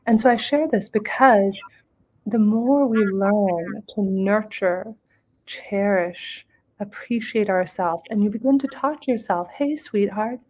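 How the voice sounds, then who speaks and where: A woman's voice: medium pitch, unhurried. Enthusiastic middle-aged woman sharing motivational advice. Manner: enthusiastic and expressive, laughs often. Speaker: guest speaker and author. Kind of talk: motivational interview talk.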